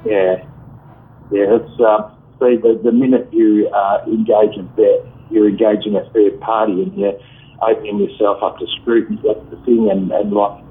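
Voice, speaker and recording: A man in his fifties calling in, giving frank, blunt advice with many halting fillers. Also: on the low side, flat delivery. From Australia. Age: 50s. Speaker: caller. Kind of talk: call-in advice. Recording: tinny phone line.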